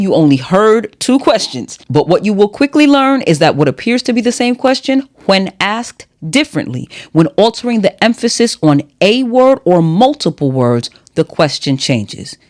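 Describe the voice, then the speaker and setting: A woman's voice: medium pitch, very animated, normal speed, few pauses. A woman hosting a solo podcast, talking to her listeners in a chatty, playful way while teaching at a whiteboard. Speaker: podcast host.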